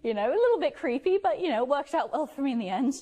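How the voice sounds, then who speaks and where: A woman's voice: high voice, sing-song, rapid-fire, mellow, no echo, rough recording. A woman being interviewed for a documentary, speaking earnestly and hesitantly with frequent fillers.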